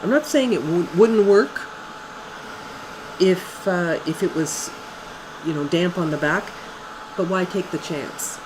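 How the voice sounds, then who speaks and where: A middle-aged woman giving a casual watercolor painting demonstration in her studio, talking in a relaxed, chatty way with fillers. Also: fairly low pitch, slow pace, pauses often, background noise. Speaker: watercolor art instructor.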